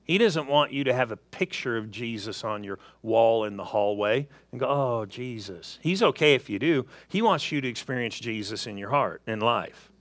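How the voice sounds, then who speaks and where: Man, preacher, sermon, lively story-driven delivery, bright tense voice, dry close sound. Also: medium pitch, normal speed, hardly any pauses, dry recording. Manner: animated storytelling with acted asides.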